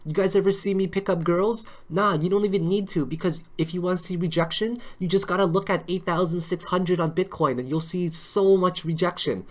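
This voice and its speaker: A man's voice: sits high, fairly even intonation, fairly quick, hardly any pauses. A man hosting a live stream on crypto charts, chatty and joking, always checking in with tag questions.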